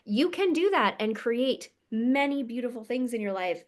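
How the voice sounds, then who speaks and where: Casting: woman energy coach, higher-pitched, blunt and emphatic, casual swearing monologue. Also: expressive, normal speed.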